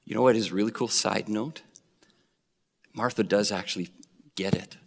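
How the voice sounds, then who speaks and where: A male preacher telling a Bible story with animated flair, acting out the voices. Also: fairly low pitch, normal speed, gravelly. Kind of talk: sermon. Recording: long reverb of a hall.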